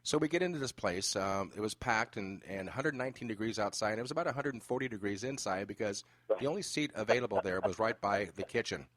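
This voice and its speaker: A man hosts a podcast, spinning an animated story with plenty of fillers. His voice sits low and the sound is dry and close, with no room around it. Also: quick pace, dry recording. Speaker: podcast host. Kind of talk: casual interview chat.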